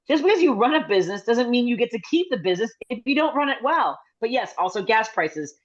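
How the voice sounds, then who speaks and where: Middle-aged woman comic, higher pitch, rambling chatty storyteller with restarts and asides; slightly muffled video-call sound. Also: big pitch swings, fast talker. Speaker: comedian. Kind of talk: casual comedic storytelling.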